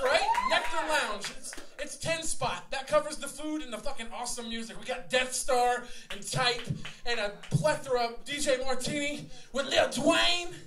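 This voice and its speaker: A young man, a rapper fronting a live show, trading loud, profane, laughing banter with the crowd on a small theater stage. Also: very high voice. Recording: echoey live room, mic heard from far, loud crowd.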